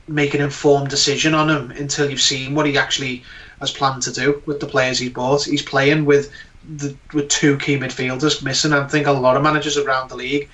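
Bright-voiced man, distant mic. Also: medium pitch. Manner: earnest, many fillers and restarts. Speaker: podcast guest pundit. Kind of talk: casual opinion chat.

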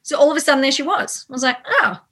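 A woman guest in a casual interview, telling an animated story with many fillers and quoted asides. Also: high-pitched, rapid-fire. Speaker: actor guest.

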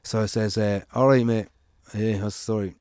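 An Irish man spins a loose, meandering story in easy conversation, slipping into the voices of the people he quotes. His voice sits fairly low and comes across dry and close to the mic. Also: fairly even intonation, moderate pace, a little mellow, clean tone, dry recording. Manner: rambling anecdote with quoted dialogue and swearing. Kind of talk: casual storytelling chat.

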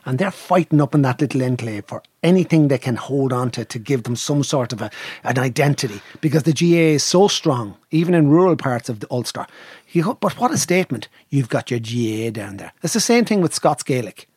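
A middle-aged Irish man telling a lively anecdote in casual conversation, swearing freely. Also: medium pitch, a little fast, slightly rough, dry recording, clean studio sound. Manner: lively storyteller, mimics drum sounds, swears casually.

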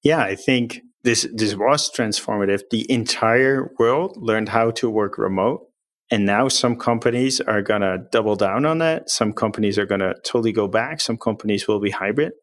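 A man's voice: on the low side, moderate pace, no echo. A man, a company executive, explaining his firm's ways of working in an upbeat, plain-spoken way as an interview guest.

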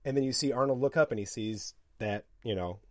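A man co-hosting a film podcast, casually retelling scenes in an animated way and often laughing between points. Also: medium pitch, a little fast, no room sound, clean studio sound. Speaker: podcast co-host.

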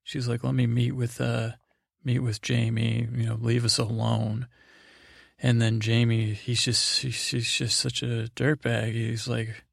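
A man hosting a sleep podcast, rambling through a meandering recap with offhand quick impressions of characters. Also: mid-range voice, little pitch movement, gravelly, breathy edge, dry recording, clean studio sound. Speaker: podcast host.

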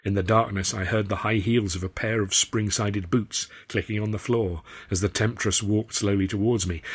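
A man with an English accent narrating his own novel in the first person, wry and measured. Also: fairly low pitch, a bit bright, breathy edge. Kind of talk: scripted storybook narration.

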